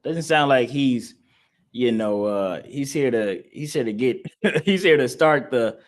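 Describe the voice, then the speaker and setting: Man, scripture class teacher. Emphatic, preachy, and repetitive, with average pitch. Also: animated, unhurried. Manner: emphatic, repetitive, laughs between points. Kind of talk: preaching-style scripture lesson.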